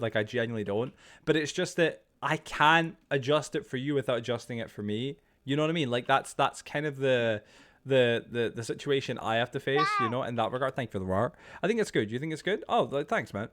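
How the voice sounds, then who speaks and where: A man's voice: medium pitch, a bit bright. A young man streaming from a room at home, rambling and chatty, laughing easily as he talks to his viewers. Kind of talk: casual live-stream chat.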